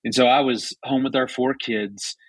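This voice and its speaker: A man's voice: mid-range voice, moderate pace, dry recording. A man in his fifties, a marriage author and guest, talks through a story in a casual radio conversation, earnest, with many restarts. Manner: earnest, many restarts, animated when retelling.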